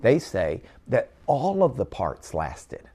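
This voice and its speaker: A man's voice: medium pitch, wildly swooping pitch, slow pace, dark tone, slightly rough. A man interviewing, telling the story in an emphatic, indignant way.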